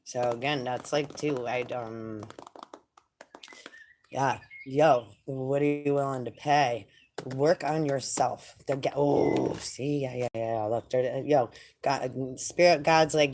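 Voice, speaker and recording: Low-voiced woman musing on spirit. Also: unhurried, a little hiss or hum. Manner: animated, slangy, laughing, rambling. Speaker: spiritual channeler. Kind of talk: casual spiritual monologue.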